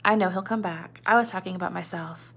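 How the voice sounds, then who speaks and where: A woman's voice: on the low side, a little fast, vocal fry, a bit bright. A woman voicing a lonely older male stable hand who taunts and broods. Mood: brooding.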